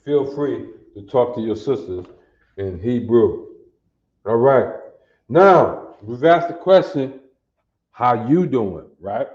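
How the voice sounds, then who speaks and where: A language teacher with a Detroit African American Vernacular English accent runs a Hebrew phrase class, speaking slowly and repeating himself in street slang while asking call-and-response questions to make sure his students keep up. His medium-pitched voice has lively intonation and a slightly mellow quality. The recording sounds dull and lo-fi, made in an echoey room.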